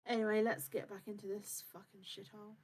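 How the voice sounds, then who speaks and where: A woman's voice: medium pitch, flat delivery, fairly quick, a little mellow, a little hiss or hum. Tired, blunt woman streamer, swearing freely. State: tired and half asleep. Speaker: streamer and co-host. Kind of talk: casual live-stream chat.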